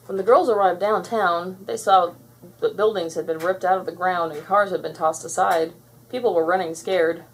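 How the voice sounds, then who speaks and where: A woman narrating a children's storybook aloud in an expressive, clear storytelling manner. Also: fairly low pitch, normal speed, low-quality recording. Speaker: storybook reader.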